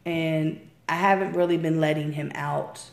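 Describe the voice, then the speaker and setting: A woman's voice: deep voice, moderate pace, gravelly. A woman in her fifties, a grandmother casually telling family stories and acting out the voices in them. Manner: animated, acts out voices in anecdotes. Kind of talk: casual storytelling. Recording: roomy echo.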